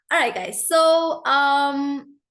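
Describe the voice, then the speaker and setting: A woman's voice: high-pitched, fairly bright tone. A woman with an Indian English accent teaching a live online class over a video call, chatty and calling students by name.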